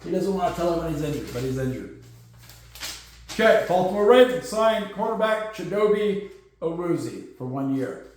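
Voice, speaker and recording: A man's voice: high-pitched, animated, normal speed, darkish tone, a little hiss or hum. A man hosting a casual football news show, giving blunt, sarcastic, opinionated takes. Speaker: sports show host. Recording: very echoey room.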